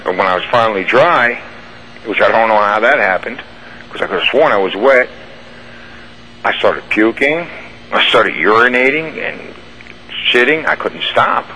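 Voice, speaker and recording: Male guest recounting an ordeal; bright, pushy voice, vivid and rambling. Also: mid-range voice, animated, moderate pace, poor audio. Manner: rambling, vivid storytelling with restarts. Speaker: radio show guest. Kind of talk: recounting a personal experience.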